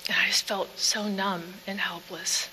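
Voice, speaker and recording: A woman giving an earnest personal testimony speech in plain storytelling, dropping to quiet passages. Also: mid-range voice, little pitch movement, unhurried. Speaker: speaker telling her own story. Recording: echoey hall with faint hum.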